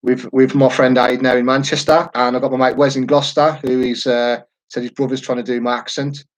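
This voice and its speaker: A man's voice: mid-range voice, level tone, brisk, low-quality recording. Chatty man hosting a quiz. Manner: chatty, jokey, rambling asides. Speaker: quiz host. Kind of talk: casual live-stream chat.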